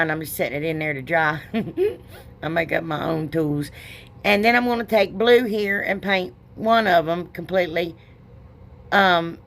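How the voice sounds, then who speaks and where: A woman's voice: lowish voice, fairly bright tone. A woman, chatting her way through a craft tutorial in a rambling, self-deprecating way and laughing often. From United States. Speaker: craft vlogger. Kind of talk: casual craft tutorial chat.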